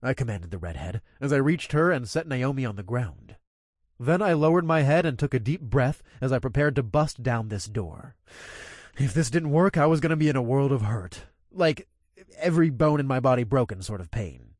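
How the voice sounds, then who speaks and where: A man's voice: medium pitch, lively intonation, normal speed, darkish tone, no room sound, clean studio sound. A man reading a first-person action story aloud in a casual, profane manner. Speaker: narrator.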